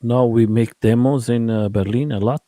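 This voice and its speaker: Man host, mellow dark tone, dry sound, short halting remarks. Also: mid-range voice, steady tone, no room sound. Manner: brief interjections, halting. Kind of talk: casual livestream chat.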